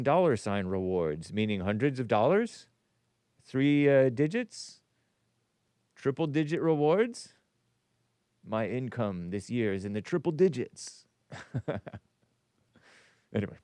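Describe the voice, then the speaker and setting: Man, talk show host, reads viewer messages aloud, jokey, smooth clear voice, dry studio sound. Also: medium pitch, dry recording. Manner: joking, chuckles while talking. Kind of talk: casual call-in show chat, reading viewer messages aloud.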